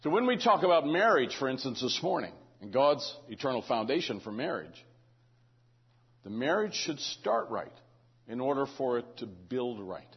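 A man's voice: medium pitch, sing-song, moderate pace, husky, muffled recording. A man preaching a conversational sermon in a church, often checking in with the congregation and adding joking asides. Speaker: pastor. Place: church sanctuary.

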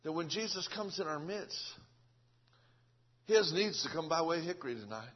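A fervent preacher, repeating himself as he swings between shouting and hushed speech. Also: fairly high pitch, animated, normal speed, dull audio. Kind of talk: revival sermon.

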